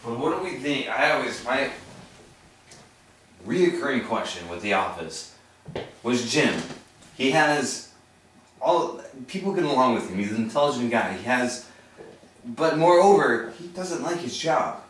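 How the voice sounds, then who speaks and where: A man's voice: mid-range voice, very animated, measured pace, long pauses, a bit bright, slight background noise. A man co-hosting a casual podcast, musing aloud and making sarcastic asides. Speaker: podcast co-host. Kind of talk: casual chat among friends. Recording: echoey room, far from mic.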